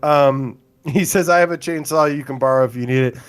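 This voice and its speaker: A man's voice: medium pitch, brisk, clear, resonant tone, faint music behind. A man co-hosting a gaming livestream, playfully reading viewer comments with frequent giggles. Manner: playful, giggly, reads names in bursts. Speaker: podcast co-host.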